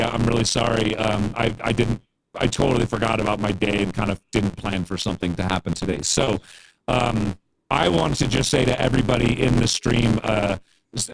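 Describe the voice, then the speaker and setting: A man's voice: mid-range voice, vocal fry, slight background noise, rough recording. A man chatting casually on a livestream as a guest music producer, earnest and encouraging, rambling with fillers.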